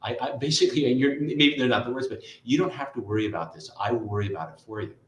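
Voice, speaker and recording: A middle-aged man, a guest tutor and author, telling stories in a lively conversational interview and often adding "right?". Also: mid-range voice, fast, echoey room, low-quality recording. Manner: lively, storytelling, frequent "right?" asides.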